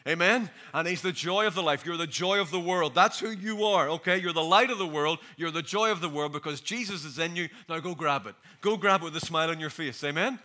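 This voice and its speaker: A man preaching a lively, jokey sermon, laughing often and calling out to the crowd, tired and jet-lagged. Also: a little high, fairly quick, hardly any pauses.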